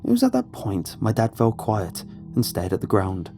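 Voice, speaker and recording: Male horror narrator, lively dramatic delivery, soft music bed. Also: on the low side. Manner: dramatic, measured storytelling.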